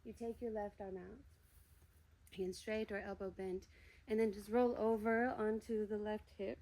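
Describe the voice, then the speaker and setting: A woman from the American South leading a slow, soft-spoken guided yin yoga class, talking calmly between breaths. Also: mid-range voice, low-quality recording. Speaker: yoga teacher.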